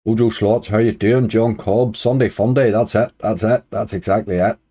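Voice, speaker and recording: A man runs a relaxed live stream, greeting viewers by name and chuckling as he goes. His voice sits a little low, with a dark, mellow tone. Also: normal speed, slightly rough. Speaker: slots streamer greeting chat. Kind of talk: casual live-stream chat.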